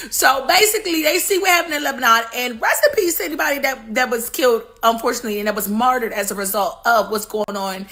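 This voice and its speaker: A woman hosting a livestream, telling a profane, animated story and acting out the voices, with laughs. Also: a little high, fast, hardly any pauses. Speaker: livestream host. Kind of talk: casual storytelling commentary.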